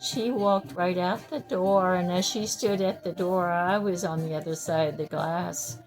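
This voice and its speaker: A woman's voice: fairly low pitch, fairly even intonation, measured pace, music in the background. An older woman casually telling personal stories in a rambling way, laughing often and restarting her sentences. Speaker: storyteller sharing memories.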